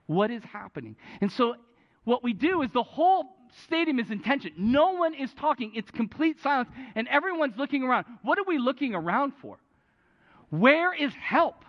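A man preaching a sermon as a pastor, telling a story with animated, urgent peaks. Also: extremely high pitch, moderate pace. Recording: dull, echoey hall.

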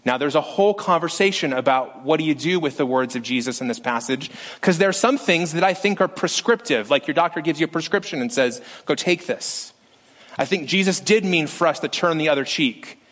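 Guy pastor preaching, kinda high voice, animated, acts out the bible quotes. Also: a little fast, hardly any pauses. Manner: lively, animated delivery with acted-out quotes. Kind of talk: sermon.

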